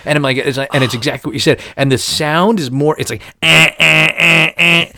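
A middle-aged man telling stories in casual chat, profane and animated, ranting in exaggerated voices. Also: medium pitch, fast.

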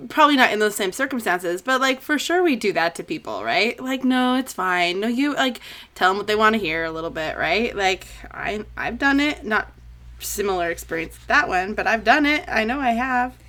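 A woman's voice: medium pitch, big pitch swings, moderate pace, a bit bright. A woman co-hosting a casual book discussion podcast, talking through her point and checking for agreement. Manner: conversational, seeks agreement with "right?". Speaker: podcast co-host.

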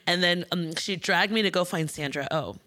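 A woman co-hosting a casual chat, telling an animated story and acting out the people in it. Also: on the low side, normal speed. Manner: animated storytelling with quoted voices and laughter.

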